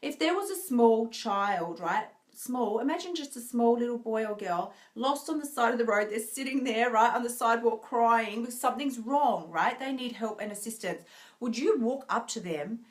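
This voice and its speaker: A woman's voice: a little high, normal speed. A woman coach talking live to her viewers, earnest and encouraging, often asking "right?" and laughing lightly. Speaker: binge eating coach. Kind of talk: live video talk to viewers.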